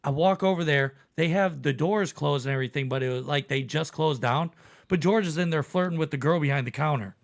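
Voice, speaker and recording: Man, podcast host, raised pitch, lively profane storytelling, casual chat. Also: a little fast, vocal fry.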